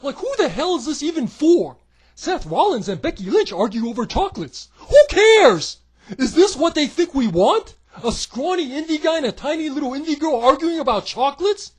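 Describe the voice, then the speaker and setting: Male vlogger, very high voice, mocking comedic rant with bursts of shouting. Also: sing-song, normal speed. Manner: sarcastic, profane and mocking; often breaks into shouting. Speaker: wrestling commentary vlogger.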